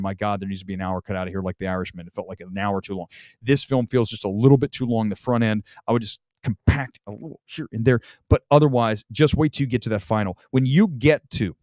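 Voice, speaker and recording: A man's voice: medium pitch, dry recording. Opinionated male stream host, dry close sound. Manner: animated, opinionated, rambling with self-corrections. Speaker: film talk show host. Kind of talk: casual live-stream chat.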